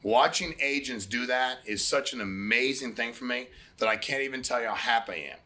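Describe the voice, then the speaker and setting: A middle-aged man delivering a casual motivational recruiting pitch at a brisk clip. His voice is bright and forward, and he talks like he's chatting, often slipping into little stories with quoted back-and-forth. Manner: conversational, storytelling with quoted dialogue, repeats phrases. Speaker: agency head hosting a recruiting meeting.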